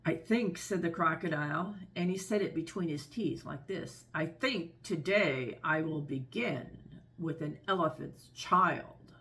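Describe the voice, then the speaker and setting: A woman voicing a sly, hungry male crocodile in a storybook reading, coaxing slowly through the teeth. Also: lowish voice, natural voice.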